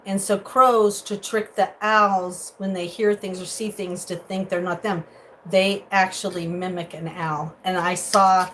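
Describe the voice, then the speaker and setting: A woman vlogger chatting casually with viewers from her kitchen, rambling and animated, breaking into high excited squeals. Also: measured pace, a little hiss or hum, rough recording. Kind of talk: casual live chat. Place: home kitchen.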